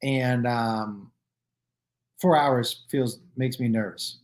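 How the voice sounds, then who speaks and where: A man chats straight to his viewers, spinning stories in a loose and profane way. He acts out each person in the stories with "I go" and "he goes." His pitch sits in an everyday middle range. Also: slow. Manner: animated, acts out quoted dialogue with "I go" and "he goes"; loose and profane, with restarts and fillers. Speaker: comedian hosting his own live stream. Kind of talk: casual storytelling to viewers.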